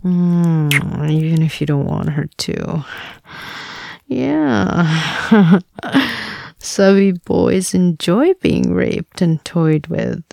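A possessive, domineering captor, played by a young woman, speaks in a whispered role-play, husky and gravelly. She drawls very slowly with soft laughs and hums, her voice sitting low and close in a dry, dead room. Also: no room sound, full character voice.

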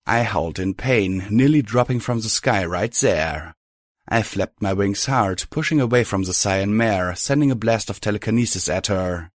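A man narrating a first-person fan fiction story in a steady audiobook reading. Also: on the low side, normal speed, no echo, studio quality.

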